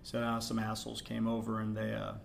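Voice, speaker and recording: A middle-aged man co-hosting a podcast, telling a story in a casual, animated way that swings between hushed asides and loud outbursts. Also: on the low side, a little fast, gravelly, a little hiss or hum. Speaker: podcast co-host.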